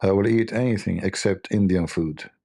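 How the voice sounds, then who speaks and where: A man's voice: low voice, moderate pace, vocal fry, mellow. A man from the Middle East with an Arabic accent, hosting a casual livestream chat and telling rambling, joking stories full of "you know". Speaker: livestream host.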